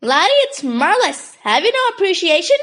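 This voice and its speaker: A woman voicing a boisterous old male circus magician who talks in loud exclamations and calls the boys laddies. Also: high-pitched, big pitch swings, moderate pace. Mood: hearty.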